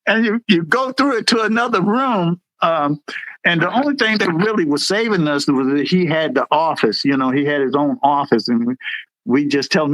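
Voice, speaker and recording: A middle-aged man, a military veteran, tells stories in a casual, animated way. His voice jumps high whenever he acts out what someone said. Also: moderate pace, dry recording, poor audio. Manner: animated, jumps high when acting out quotes. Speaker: veteran guest, former Air Force supervisor. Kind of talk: casual storytelling.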